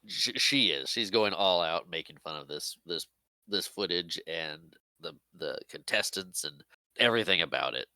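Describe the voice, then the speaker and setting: A man with a low but bright voice whose pitch rises and falls a lot as he trades jokes with his co-host about a film. He chats casually and laughs easily. The sound is close and dry. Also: expressive, no echo. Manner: playful, quick to agree and laugh, adds jokey asides. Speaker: podcast co-host. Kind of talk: casual movie recap chat.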